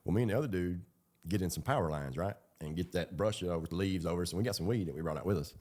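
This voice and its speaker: Deep fast-talking man. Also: darkish tone. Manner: rambling, colloquial, with fillers and laughs. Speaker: ex-prisoner telling his story. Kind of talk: casual storytelling.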